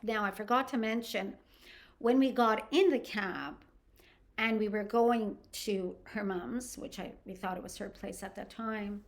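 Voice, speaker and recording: Earnest older woman telling a story. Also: medium pitch. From Canada. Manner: earnest and halting, with restarts and acted-out quotes. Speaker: podcast host. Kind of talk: personal storytelling podcast.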